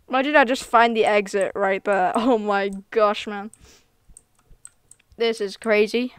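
A woman streaming a game live, talking casually to viewers, excitable and giggly, full of slang. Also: medium pitch, slow pace, long pauses, smooth, no room sound, clean studio sound. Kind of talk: casual live gameplay commentary.

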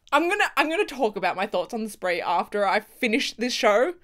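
A woman giving casual reaction commentary, excitable and swearing freely, with frequent laughter. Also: on the high side, moderate pace. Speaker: video reactor.

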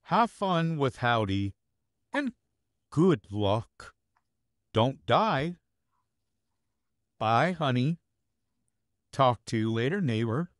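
A man's voice: mid-range voice, sing-song, very slow, pauses often, no room sound, studio quality. A man playing a flirty teasing vampire. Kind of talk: listener role-play audio.

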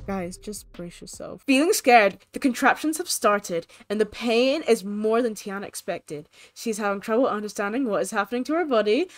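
A bubbly woman talks over her gameplay in a casual, gossipy way, with a voice pitched a little high. She runs on from one thought to the next and keeps dropping in "like". The feel is a relaxed channel host narrating her game. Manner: bubbly, lots of fillers like "like". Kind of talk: chatty game commentary.

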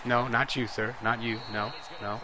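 A young man streaming a football video game live, trash-talking and commentating, dropping to mutters and jumping up to yells. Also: medium pitch, level tone, normal speed, a crowd in the background. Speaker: gaming streamer.

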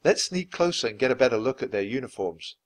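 A man's voice: medium pitch, animated, quick pace, close to an everyday voice. A man voicing a careful, earnest young boy in a storybook reading, with a slightly anxious manner.

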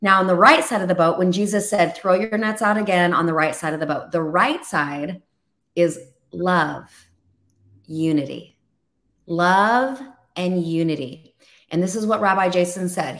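A woman in her thirties or forties who preaches over a video call. Her delivery is animated and full of stories, and she acts out the voices of the people she quotes. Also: lowish voice. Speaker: ministry leader and co-host.

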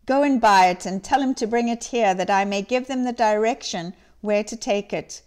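A woman voicing an old man, a reformed miser who turns giddy and briefly feigns gruffness, in a dramatic reading. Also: medium pitch, moderate pace, close to an everyday voice. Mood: excited. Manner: excited, exclaiming. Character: old male miser turned jolly, gruff.

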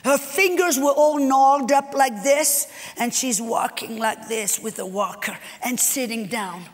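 A woman guest speaker preaching a sermon with personal stories, lively and acting out dialogue as she tells them. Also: on the high side, measured pace. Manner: animated, acts out dialogue, repeats phrases. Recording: long hall reverb.

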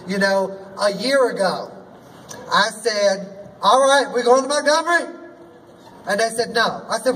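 A man's voice: very high-pitched, normal speed, fairly bright tone, distant mic, a little hiss or hum, rough recording. A man performing as a drag queen emcee, hosting a rally with a sassy, folksy manner and rallying the crowd. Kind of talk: rally speech. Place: outdoor rally.

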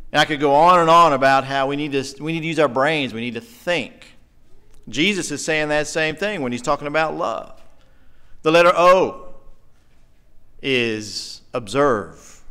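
A man's voice: mid-range voice, pushed and bright. A middle-aged man preaching a sermon in a church, earnest and emotional, pressing his points with emphasis. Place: church sanctuary.

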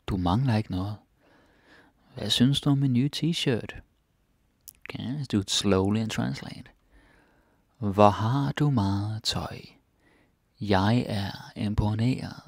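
A low, gravelly man teaching vocabulary at an unhurried pace. He repeats each word with care and trails off into quiet, murmured asides. The sound is close and dry. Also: no room sound. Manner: relaxed, repeats words slowly, drops to murmured asides. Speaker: Danish language teacher. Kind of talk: casual vocabulary lesson.

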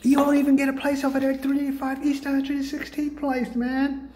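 Delivering his lines completely flat and a little fast over a noisy background, this man performs a comedic monologue as a self-proclaimed sales guru. He rambles and swears in street slang, pitching his expensive programs with a hard-sell push.

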